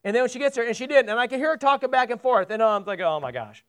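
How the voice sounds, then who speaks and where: A man's voice: very high-pitched, rapid-fire, clear, resonant tone. A man preaching a sermon as pastor, chatting with the congregation and putting questions to them. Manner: conversational, asks the congregation questions. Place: church sanctuary.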